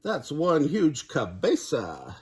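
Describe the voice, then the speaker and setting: An older man voicing an excitable young male kitten who thinks he's a Chihuahua, chanting and singing in a put-on Spanish accent. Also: a little high, slow, pitched above the performer's own voice, exaggerated voice. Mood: amazed. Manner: sing-song, gleeful, chanting.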